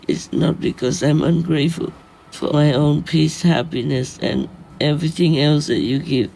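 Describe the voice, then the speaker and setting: A man speaking as a disciple to his spiritual teacher, in an earnest, halting plea of short broken phrases. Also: fairly high pitch, creaky, mellow, poor audio. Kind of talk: heartfelt personal plea.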